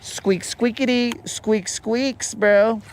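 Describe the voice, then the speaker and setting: A man voicing a cheerful, innocent little pet hamster in a high squeaky chirp. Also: fairly even intonation, very slow, a little hiss or hum, full character voice.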